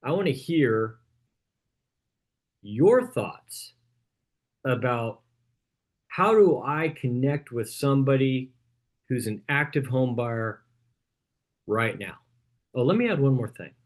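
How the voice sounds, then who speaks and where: A man's voice: mid-range voice, expressive, takes it slowly, long pauses. A man leading a real estate team training, coaching in a punchy way and often checking in with "okay?". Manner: coaching, punchy, repeats "okay?" after points.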